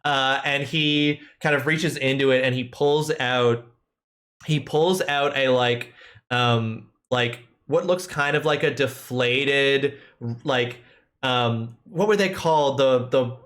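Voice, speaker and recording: A man's voice: medium pitch, slow pace, a bit bright. Man running a casual tabletop game. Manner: casual, rambling, many fillers. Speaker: game master.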